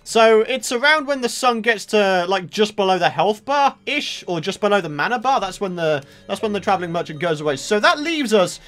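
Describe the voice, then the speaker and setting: A young man giving let's play commentary, excitable and exasperated, ranting with sudden outbursts. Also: sits high, brisk, few pauses. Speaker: gaming channel host.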